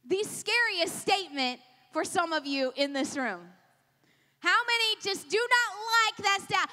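A woman's voice: extremely high pitch, animated, a little slow, sharp tone. A middle-aged woman pastor preaching a sermon at a women's rally, with an impassioned, repetitive cadence. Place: large church hall. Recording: long hall reverb.

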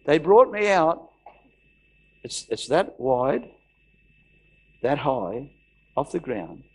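Aussie pastor guy telling a story in his sermon, voice sits a bit high, swings loud and soft. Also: slow pace, slightly rough. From Australia. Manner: animated, acts out quoted voices, repeats phrases.

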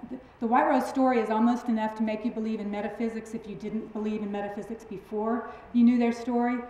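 A woman with a twang giving a public lecture in a lively, emphatic, friendly storytelling way. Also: medium pitch, slight background noise. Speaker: guest lecturer. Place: large lecture hall. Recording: very echoey hall recording.

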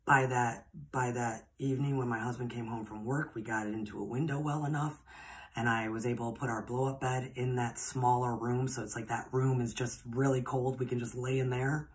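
A woman's voice: rumbling low, fairly even intonation, fairly quick. A woman, a spiritual podcaster telling personal stories in a chatty, rambling, earnest way. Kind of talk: personal storytelling.

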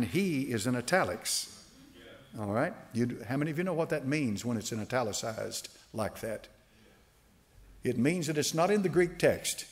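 A man preaching a sermon to a congregation. He slows right down to stress quoted scripture and often restarts his sentences with fillers. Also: medium pitch. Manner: emphatic preaching with slow drawn-out quotes. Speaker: pastor.

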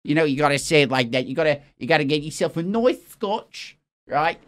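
A man's voice: on the high side, steady tone, fast, a bit bright. Male comic anchor, foul-mouthed, flustered, keeps cutting himself off. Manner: profane, exasperated, rambling and self-interrupting. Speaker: comedy news anchor. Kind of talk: improvised comic news parody.

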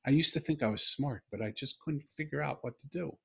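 A middle-aged man telling a story from his own life in a heartfelt, emphatic way. His voice is husky and sits at an ordinary pitch. He speaks like a guest in a relaxed conversation. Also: a little fast.

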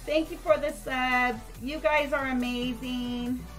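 A woman's voice: sits high, fairly even intonation, slow pace, a bit bright, faint music behind. An older woman live-streaming a game, chatting with viewers and thanking them by name.

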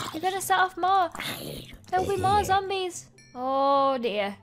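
A woman's voice: high voice, sing-song, normal speed, fairly bright tone. A woman in her twenties giving bubbly, playful commentary while playing a video game. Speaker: gaming video host. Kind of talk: gameplay commentary.

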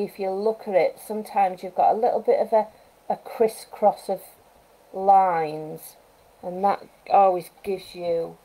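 A woman wildlife artist giving a live painting demonstration, chatting and thinking aloud as she works, with gentle coaching asides. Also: mid-range voice, creaky, poor audio. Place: art studio at home, live stream.

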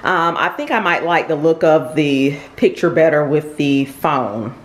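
A woman's voice: low-pitched, a little slow, roomy sound. A middle-aged woman chatting casually in a haul vlog, thanking shop customers and describing clothes, with plenty of ums and repeated words. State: out of breath. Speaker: vlogger and shop owner. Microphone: camera or phone nearby.

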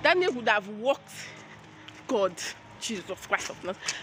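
A woman's voice: mid-range voice, sing-song, measured pace, a bit bright, slight background noise. Nigerian woman vlogging on a walk. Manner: exclamatory, rambling, retells annoyances with repeated restarts. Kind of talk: casual vlog chat to camera. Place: outdoors on city streets, walking with a stroller.

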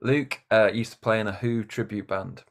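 A man, a musician guest in a casual chat, telling stories in an animated way. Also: lowish voice, moderate pace, a little hiss or hum. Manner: animated storyteller.

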